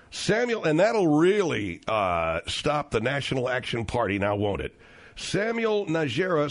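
A middle-aged man hosting a comedic talk radio show, riffing sarcastically on news stories with animated delivery. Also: a little high.

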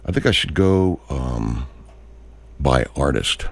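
A man's voice: very deep voice, expressive, takes it slowly, creaky. A man in his sixties hosting a show, rambling casually with a lot of swearing and restarts. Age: 60s. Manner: profane, rambling, full of restarts. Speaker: podcast host.

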